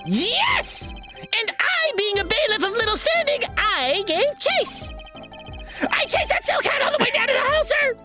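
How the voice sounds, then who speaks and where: An eager, overwrought male court bailiff bellows and wails every line, as a woman puts him on for a game reading. His voice sits high and leaps wildly, strained to the edge of shouting. Faint music plays behind. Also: big pitch swings, unhurried, exaggerated voice. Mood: dramatic yelling. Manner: over-the-top shouting, strained wailing. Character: loud eager male court bailiff, always yelling sir. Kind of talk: let's play voice reading.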